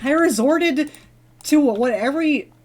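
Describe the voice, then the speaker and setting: Her voice sits high, expressive and a little mellow, as this gaming vlogger recounts a long story at a measured pace during play, casual and giggly, rambling with many fillers and fresh starts.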